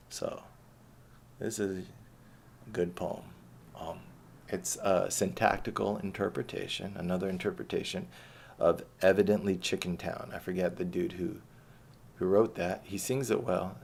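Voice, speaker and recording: Low gravelly man, reflective and sweary. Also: flat delivery, measured pace, a little mellow. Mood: defiant. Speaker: poet reading his own work. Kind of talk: casual talk and spoken-word poetry reading.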